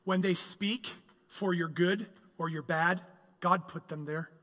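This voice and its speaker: A pastor delivering a sermon, moving between loud, emphatic stretches and quiet, reflective ones. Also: male voice, high-pitched, fairly even intonation, slow pace, big-room sound. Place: church sanctuary.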